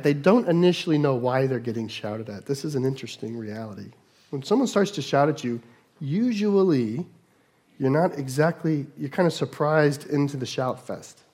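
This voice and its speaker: A middle-aged man preaching a sermon, moving between loud mock shouts and quiet asides. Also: on the high side. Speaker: pastor.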